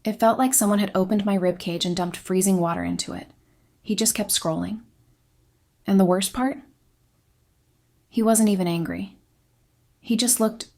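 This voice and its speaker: A woman reading a scripted first-person confession in a quiet, subdued, steady way. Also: mid-range voice. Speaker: story narrator.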